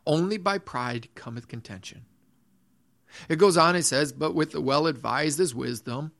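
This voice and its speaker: A man's voice: fairly high pitch, moderate pace, creaky, fairly bright tone. A man preaching a sermon in earnest, repeating his phrases, restarting sentences and reading scripture aloud. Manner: reads scripture in old-fashioned phrasing. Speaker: pastor.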